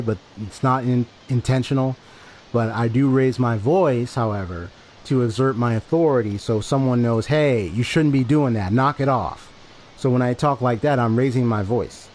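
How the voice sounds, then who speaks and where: A man streaming a game and talking to his chat from a home setup, speaking into a desk microphone. He rambles and repeats himself as he explains his point over and over. His voice sits at a medium pitch, with a faint hiss behind it. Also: a little mellow. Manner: rambling, repetitive, defensive explaining. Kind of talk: casual livestream talk to chat.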